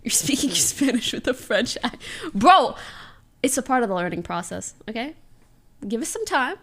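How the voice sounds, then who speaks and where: Lively, giggly young woman streamer. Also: fairly high pitch, normal speed. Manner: playful, giggly, sounding out words. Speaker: livestreamer. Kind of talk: casual stream chat.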